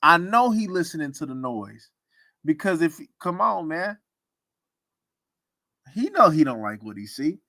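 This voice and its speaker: High-voiced guy ranting about football, laughs a lot, swings up and down, slow drawl, dry close mic. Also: no echo. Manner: animated, laughs often, slangy and teasing. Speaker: sports commentary host. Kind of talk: casual sports talk stream.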